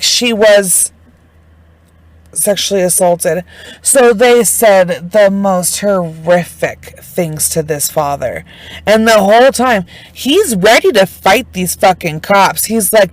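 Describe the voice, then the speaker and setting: A woman's voice: lowish voice, no echo, poor audio. A woman casually retelling a true crime case, chatty and indignant, full of fillers and swearing. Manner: emotionally invested, indignant.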